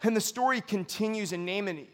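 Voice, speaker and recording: A male pastor delivering an earnest, confessional sermon to a church congregation, moving from quiet reflection to loud outbursts. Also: sits high, fairly quick.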